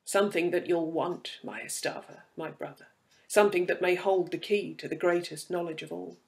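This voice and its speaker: Ancient hungry creature, read by a man, scornful and coaxing, slightly high pitch. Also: steady tone, normal speed, gravelly. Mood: enticing. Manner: taunting, enticing. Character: ancient cruel inhuman creature, mocking and hungry.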